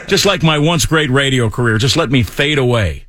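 Lively, joking male radio host. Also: mid-range voice, normal speed, no room sound. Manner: jokey, self-mocking, animated. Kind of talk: morning talk radio. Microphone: studio microphone.

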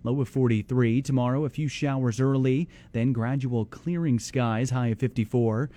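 A man reading ads, weather and news on local radio in a steady, scripted delivery. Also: medium pitch, moderate pace, no room sound. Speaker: radio newsreader.

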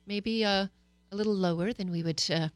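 A woman's voice: medium pitch, fairly quick, no room sound. A middle-aged woman psychologist hosting a talk radio show, speaking candidly and personally with frequent hesitations. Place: radio studio.

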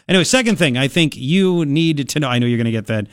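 A man in his forties hosting a talk radio show, joking with his co-host and telling animated stories between political commentary. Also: a little high, fairly quick, hardly any pauses, clean tone, no room sound, clean studio sound. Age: 40s. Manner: joking, teasing, animated storytelling. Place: radio studio. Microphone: studio mic.

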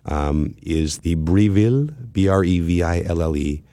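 A middle-aged man hosting a podcast, telling stories and reading ads in a relaxed, rambling way. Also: sits low, measured pace, no echo. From Canada. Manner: relaxed, rambling storyteller who reads ads conversationally. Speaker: podcast host. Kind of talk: casual chat.

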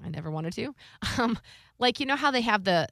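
A woman co-hosting radio in casual studio chat. Her voice is bright and forceful, recorded close and dry. She talks emphatically, sometimes lecturing. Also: a little high, expressive, a little fast, gravelly, no room sound.

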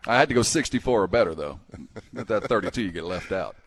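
A man's voice: lowish voice, lively intonation, fast, no echo. A man hosting a morning sports radio show, talking in a rambling, wry way with many fillers. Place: radio studio.

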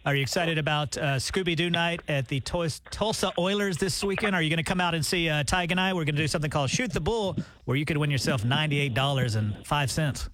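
A man's voice: a little high, fast, few pauses, a bit bright, a little hiss or hum. A man co-hosting a radio show, talking in playful, teasing banter with his partner. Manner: teasing, playful, self-mocking. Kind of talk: casual morning show banter.

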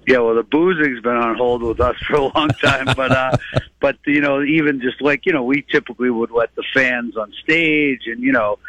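A man with a Boston accent calling in by cell phone from a moving tour bus, talking in a relaxed way with many fillers. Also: mid-range voice, normal speed, dry recording. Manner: relaxed, filler-heavy, says "you know" a lot. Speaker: guest musician calling in. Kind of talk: phone interview. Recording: dull cell phone line.

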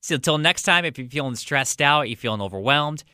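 A man's voice: fairly high pitch, animated, brisk, hardly any pauses, pushed and bright, clean tone, dry recording, clean studio sound, faint music behind. A man hosting a call-in radio show, talking conversationally and prompting callers for their views. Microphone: studio microphone.

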